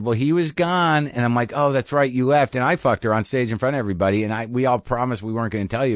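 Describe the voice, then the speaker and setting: A middle-aged man hosting a podcast, telling a profane, wry story in a casual monologue and breaking into high mocking yelps now and then. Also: dry recording. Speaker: podcast host.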